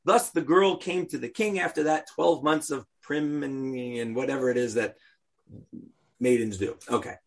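A man teaching a scripture class, chatty and animated, joking in asides and chanting verses aloud. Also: mid-range voice, normal speed.

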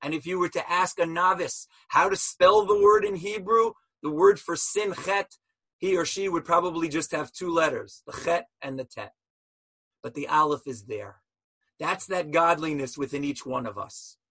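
A man's voice: on the high side, normal speed, bright, forceful tone, slightly rough, no echo, poor audio. A man teaching an online class about Hebrew letters in a passionate style, full of rhetorical questions, heard over a video call.

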